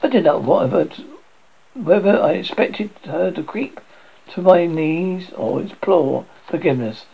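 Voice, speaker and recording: Gravelly husky guy reading old horror story, kinda dramatic, muffled lo-fi sound. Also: high voice, lively intonation, a little slow. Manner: theatrical, with stumbles and restarts.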